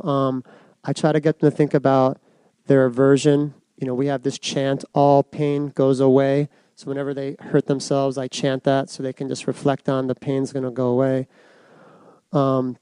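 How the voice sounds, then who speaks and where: A middle-aged man giving a reflective personal talk to an audience, soft and unhurried with many pauses. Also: medium pitch, smooth, no echo. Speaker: speaker giving a dharma talk.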